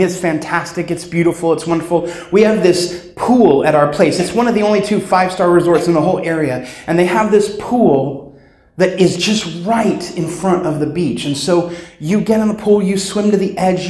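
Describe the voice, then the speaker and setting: A man tells a story from a conference stage, slowing down for emphasis and acting out sounds. His voice sits a touch high. The hall adds a roomy echo. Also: a little mellow. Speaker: keynote speaker. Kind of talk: storytelling keynote speech.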